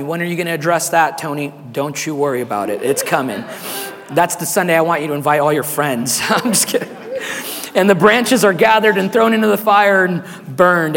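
Raspy hoarse pastor guy, highish voice, lively sermon, big echoey hall. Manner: animated preaching with congregation call-and-response.

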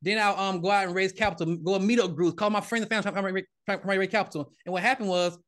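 Fast-talking high-voiced man telling stories. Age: adult, married father. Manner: animated, repeats and restarts words often. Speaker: podcast guest, real estate investor. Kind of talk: casual storytelling interview.

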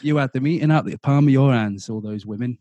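A man's voice: medium pitch, warm tone, dry recording, muffled recording. A man with a southern English accent co-hosting a podcast in casual, jokey banter. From southern England. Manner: jokey, quick to laugh, banter. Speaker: podcast co-host.

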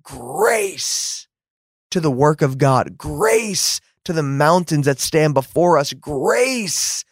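A man's voice: on the high side, dry recording, clean studio sound. A man preaching a fervent podcast sermon, repeating words for emphasis and rising to exclamations.

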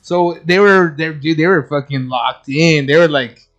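A man's voice: on the high side, a little slow, a bit bright, muffled recording. A man co-hosting a podcast, telling stories among friends with lots of laughing and swearing. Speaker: podcast co-host. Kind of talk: casual chat among friends.

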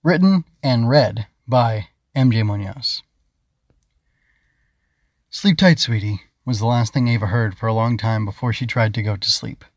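A man reading his own children's audiobook in a calm, even narrating voice at a middle pitch. The recording is close and dry, with no room sound. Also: moderate pace, hardly any pauses, no echo. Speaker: author and narrator.

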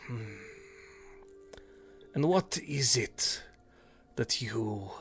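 Man voicing a hushed, cold serpent naga. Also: medium pitch, full character voice. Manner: slow, hushed, half-whispered. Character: male serpent naga leader, wary and cold. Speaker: game master.

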